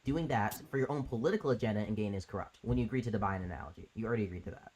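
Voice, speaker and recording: A man hosting a livestream political debate, insistent and quick to interrupt. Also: on the low side, darkish tone, breathy edge.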